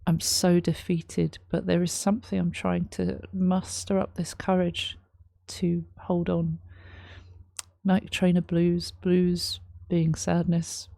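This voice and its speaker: A woman reacting to a song, reading lyrics aloud and explaining them in a thoughtful, halting way, with many ums. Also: lowish voice, flat delivery, vocal fry, dark tone, dry recording, studio quality. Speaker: music reaction host. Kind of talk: casual reaction commentary.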